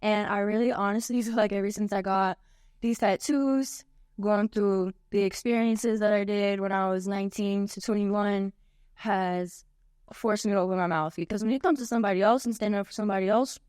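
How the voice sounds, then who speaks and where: A woman's voice: mid-range voice, steady tone, a little fast, a little mellow, clean tone, no room sound, clean studio sound. A woman guest on a podcast, talking in a frank, emphatic way with slangy asides. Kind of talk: casual podcast chat.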